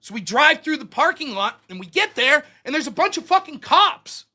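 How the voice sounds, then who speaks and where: A man's voice: very high-pitched, sing-song, moderate pace, sharp tone. A middle-aged American man hosting his show, telling a long story in a casual, profane way and acting out the quotes. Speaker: host.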